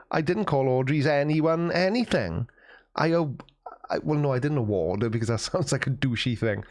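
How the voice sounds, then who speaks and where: Wry man hosting a live chat. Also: medium pitch. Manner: wry, self-mocking banter. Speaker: livestream host reading chat.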